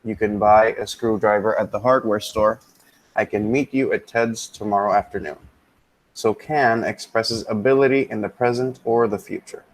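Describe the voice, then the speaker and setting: Relaxed man teaching English grammar, fairly low. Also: moderate pace, poor audio. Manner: relaxed, thinks aloud with many ums and mutters asides. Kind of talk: casual grammar lesson, switching into Spanish.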